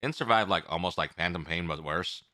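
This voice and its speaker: A man's voice: sits low, brisk, dry recording, clean studio sound. A man streaming and chatting casually, rambling and talking with his mouth full. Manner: rambling, animated, eating while talking.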